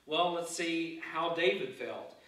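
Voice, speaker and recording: A man pastor preaching a sermon in a church, earnest and halting, often restarting his phrases. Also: a little high, a bit bright. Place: church sanctuary. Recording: echoey church hall, mic far off.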